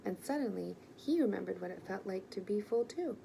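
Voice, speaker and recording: A woman gently and expressively reading a children's picture book aloud. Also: mid-range voice, animated, brisk, creaky, a little hiss or hum, poor audio. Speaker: storyteller.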